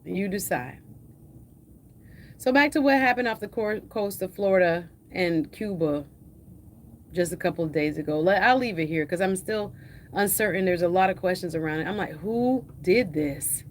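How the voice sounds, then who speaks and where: A woman's voice: lowish voice, normal speed, a little hiss or hum. A woman hosting a livestream, chatting through the news in a casual, hesitant way with many fillers. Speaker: host.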